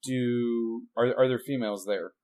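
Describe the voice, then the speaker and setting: A man's voice: mid-range voice, fairly even intonation, moderate pace, warm tone. A man co-hosting a casual podcast, laid-back, asking questions and walking through martial arts moves step by step. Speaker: podcast co-host. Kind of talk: casual chat.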